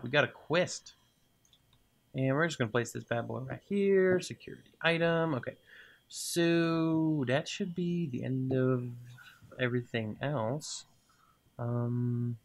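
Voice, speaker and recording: A man's voice: mid-range voice, vocal fry. A man casually commenting as he plays a game, talking to the items and muttering to himself, then cheering when things work. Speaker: gaming video host. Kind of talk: casual let's-play commentary.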